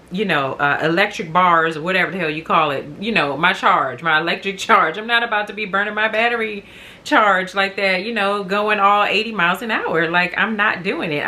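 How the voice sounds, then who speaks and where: A woman vlogger chatting casually at home, animated and laughing often, rising to loud exasperation. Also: medium pitch. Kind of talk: casual chat to camera.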